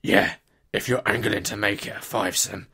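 A man's voice: lowish voice, steady tone, normal speed, creaky, sharp tone, full character voice. A man putting on a mocking, gritty impression of a brooding male monster hunter, with an odd accent underneath. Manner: mocking, exaggerated.

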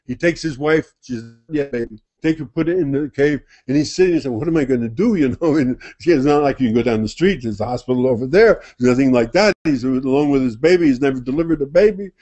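Animated man telling a sacred story. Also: mid-range voice, quick pace, hardly any pauses. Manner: animated, repeats phrases for emphasis. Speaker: religious teacher. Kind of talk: storytelling sermon. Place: study center gathering.

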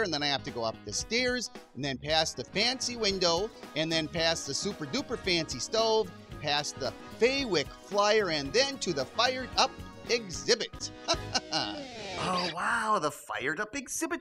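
A man voicing an excitable, scatterbrained male bunny puppet in a children's puppet show, giggling and stammering as he talks. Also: sits high, normal speed, faint music behind. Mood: excited.

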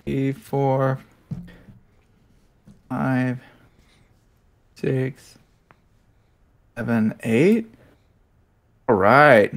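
A man's voice: medium pitch, very slow, long pauses. Easygoing man playing a tabletop game. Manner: easygoing, counts moves aloud. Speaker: player. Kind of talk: casual chat at a tabletop game.

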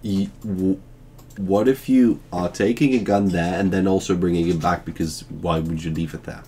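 A man's voice: deep voice, steady tone, normal speed, dark tone, a little hiss or hum. A man chatting while streaming a game, joking and teasing his co-host. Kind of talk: casual gaming chat.

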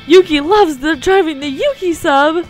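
A woman's voice: high-pitched, moderate pace, over music. A young woman chatting casually with lots of fillers as she plays a video game. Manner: chatty, filler-heavy, excitable. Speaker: let's play host. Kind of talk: casual gameplay commentary.

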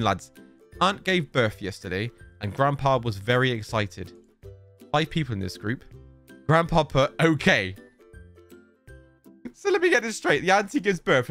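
This young man's voice is on the high side and a touch bright. Reacting to social media posts for YouTube, he reads them out and comments in an exasperated, offhand way, exclaiming often.

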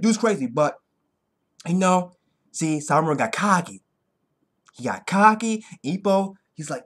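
A man giving an excitable, profane anime fight recap that keeps bursting into yells. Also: high-pitched, a little slow, long pauses. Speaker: anime reaction vlogger. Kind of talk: hyped casual recap.

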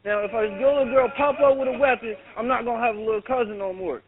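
Young man caller, high-pitched, urgent and exasperated, thin phone line. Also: fairly even intonation, fast. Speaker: 911 caller. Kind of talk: emergency phone call. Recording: tinny phone line with faint noise.

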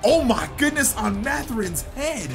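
A young man giving excitable commentary over a basketball video game, often yelping and shouting at plays. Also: very high voice, unhurried. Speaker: gaming YouTuber. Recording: game music playing behind.

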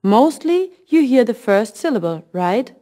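Slow, lively woman teaching a lesson. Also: a little high. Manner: slow, clear, modelling phrases at half speed. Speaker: language teacher. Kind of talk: scripted lesson narration.

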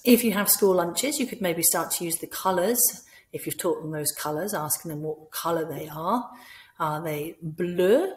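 Scottish lady walking nursery staff thru french routines, lowish voice, goes all sing-song on the questions. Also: moderate pace, slight background noise. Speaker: language teacher for nursery staff. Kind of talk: instructional talk for teachers.

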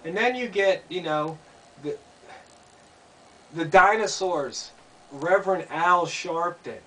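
A man's voice: sits high, slow pace, bright, forceful tone. A man giving an opinion monologue, asking pointed rhetorical questions and repeating himself. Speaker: commentator. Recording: distant mic, faint background noise.

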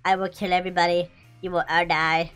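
A woman's voice: mid-range voice, measured pace, fairly bright tone, clear, resonant tone, soft background music, close to an everyday voice. A woman voicing a menacing piggy killer from a game in a mock-threatening tone.

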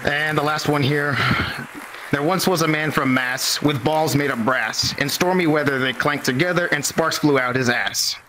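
A man performing at an open mic, reading crude limericks with a halting, chuckling delivery. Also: fairly high pitch, sharp tone, slight background noise.

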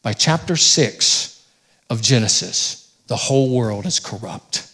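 A man preaching a sermon in a church, rising loud on key points and dropping low and quiet. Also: lively intonation, a little slow. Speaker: pastor.

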